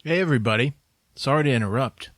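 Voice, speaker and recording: A podcast co-host talking in a relaxed, playful way as he wraps up the episode. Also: mid-range voice, fast, no echo. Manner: laid-back, brief replies and playful sign-off. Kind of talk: casual podcast chat.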